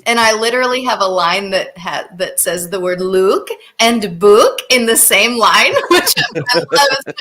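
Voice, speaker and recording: A woman's voice: mid-range voice, expressive, a little slow, fairly bright tone. A woman who acts in a stage play, chatting in an interview with enthusiasm and frequent giggles. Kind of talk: casual interview chat.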